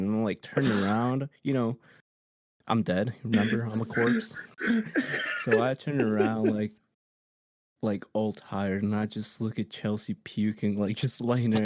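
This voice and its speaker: A young man, a podcast co-host, chatting casually in a laid-back, deadpan way. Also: on the low side, no room sound. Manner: laid-back, deadpan, flat and tired when retelling. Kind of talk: casual chat.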